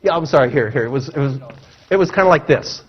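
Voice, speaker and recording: A man giving a seminar talk to a live audience, animated and acting out the voices he quotes. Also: quick pace, slightly rough. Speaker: motivational speaker. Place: seminar room. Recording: muffled low-fidelity recording.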